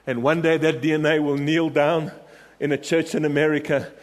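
A man with a voice on the high side preaches at normal speed in a flat delivery, emphatic and repetitive, rallying his congregation with questions and refrains. The long reverb of a large hall fills the recording.

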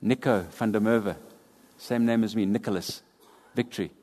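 A man preaching a sermon, swinging between loud and hushed as he drives his points home. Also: lowish voice, fairly even intonation, moderate pace. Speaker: pastor. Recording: long hall reverb.

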